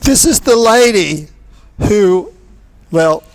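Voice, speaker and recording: A man's voice: high-pitched, expressive, takes it slowly. A man hosting a playful mock interrogation of cast members, teasing and theatrical.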